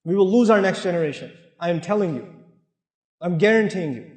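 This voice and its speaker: Man, sermon, very high voice, direct, joking, repeats for emphasis, long hall reverb. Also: expressive, fairly quick, darkish tone. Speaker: speaker giving a talk. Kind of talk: sermon to a live audience.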